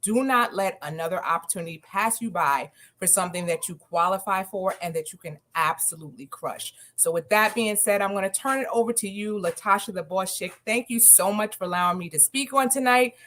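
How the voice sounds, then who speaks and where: A woman's voice: medium pitch, brisk, few pauses, fairly bright tone. Woman, mid-range voice, upbeat testimonial speaker. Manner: earnest, upbeat, emphatic. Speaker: guest speaker sharing a testimonial. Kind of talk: personal testimonial.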